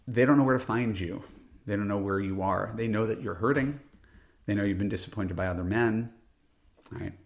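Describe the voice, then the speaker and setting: A man's voice: lowish voice, creaky. A middle-aged man, a dating coach, hosting a solo podcast, talking earnestly and emphatically, often restarting and tagging "right?". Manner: rhetorical "right?" tag questions.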